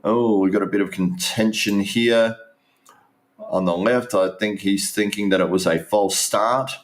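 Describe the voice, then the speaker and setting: A man's voice: lowish voice, steady tone, a little slow. A man giving casual, rambling live stream commentary, restarting sentences and talking straight to his viewers.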